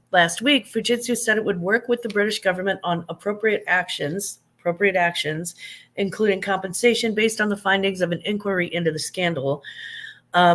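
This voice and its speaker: A woman's voice: fairly low pitch, fairly bright tone. An older woman, a grandmother, hosting a casual live chat. She greets her viewers, laughs easily and stumbles over names. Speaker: livestream host.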